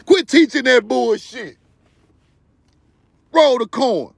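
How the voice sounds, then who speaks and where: A man talking to his livestream viewers in a high, lively voice that swings up and down a lot. His delivery is slow and drawn out, preachy and joking at once. The sound is dry and close. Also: creaky, no room sound. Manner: animated, preachy and joking, laughs loudly; talks to viewers directly. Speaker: livestream host. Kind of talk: excited livestream commentary.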